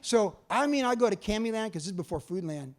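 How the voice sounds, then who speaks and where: Older man in his 60s with a high voice, giving an animated storytelling talk to an audience. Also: fast. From California. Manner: animated, acts out other people's lines. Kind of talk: storytelling presentation. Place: museum talk before an audience.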